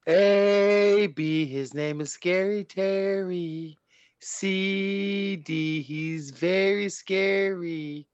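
A man voicing a little girl chanting a creepy sing-song rhyme, slowly. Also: high voice, fairly even intonation, smooth, no room sound, muffled recording. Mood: eerie.

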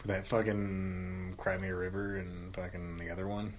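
A man's voice: sits low, flat delivery, moderate pace, a little hiss or hum. A man in his thirties hosting a podcast, bantering loosely with a guest, joking and swearing freely. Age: 30s. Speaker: podcast host. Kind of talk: casual podcast chat.

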